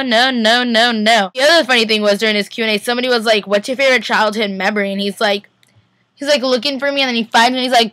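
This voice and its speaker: Bright chatty young woman fan vlogger. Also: fairly high pitch, no room sound. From Northern California. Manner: chatty, rambling, lots of "like". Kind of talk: casual recap vlog.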